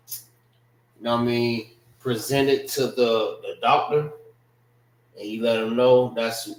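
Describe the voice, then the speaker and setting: A man teaching an informal language class, slow and repetitive, casual in his talk. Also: mid-range voice, far from the mic. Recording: roomy, from off-mic.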